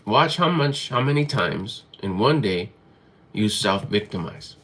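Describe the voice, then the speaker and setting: Lowish-voiced guy doing a blunt motivational rant to camera, swears a lot, keeps repeating himself. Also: animated, a little slow, a bit bright. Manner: blunt, profane and emphatic, repeating points. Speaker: motivational vlogger.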